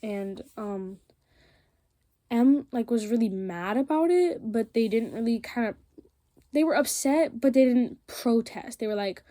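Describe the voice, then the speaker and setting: Chatty teen girl ranting, mellow voice. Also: fairly high pitch, animated, unhurried, no echo. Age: teens. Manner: chatty, rambling, frequent ums and likes. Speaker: vlogger. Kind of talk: casual rant while crafting.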